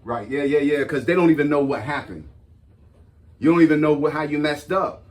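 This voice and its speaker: Slangy, animated man reading a list. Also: on the high side, brisk. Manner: animated storytelling, slangy, addresses audience as y'all. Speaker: host. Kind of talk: casual talk reading and riffing on a list.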